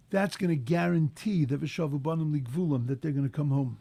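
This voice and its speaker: A man giving a sermon as a rabbi, impassioned, rising to loud emphatic peaks, mixing in Hebrew terms and translating them. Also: on the high side, a little fast, vocal fry, hardly any pauses, no echo, clean studio sound.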